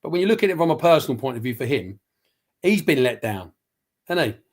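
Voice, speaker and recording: Passionate rambling pundit. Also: male voice, a little high, expressive, very fast. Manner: rambling, passionate, many restarts. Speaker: football pundit. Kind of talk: casual livestream football chat.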